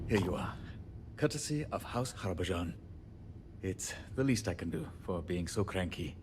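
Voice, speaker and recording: A game's grumpy but good-humoured handyman, his voice sitting low and steady. He jokes at his own expense and owns up to his temper. A faint hiss lies under the line. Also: moderate pace. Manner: wry, joking, self-deprecating. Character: irritable self-deprecating male handyman, joking. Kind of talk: video game character dialogue.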